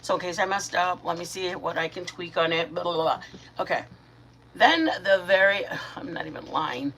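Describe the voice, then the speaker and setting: A middle-aged Michigan woman hosts a casual live stream, chatty and warm, greeting viewers by name and cooing to her dogs in a high baby voice. She talks at normal speed, with slight background noise.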